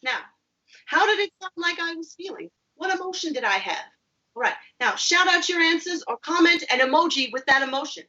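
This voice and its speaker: A woman playing a friendly chef who teaches children, speaking patiently and clearly to viewers at home. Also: very high-pitched, lively intonation, bright, forceful tone, lo-fi sound, full character voice. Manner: patient, clear and encouraging, with deliberate pauses. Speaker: children's theatre educator.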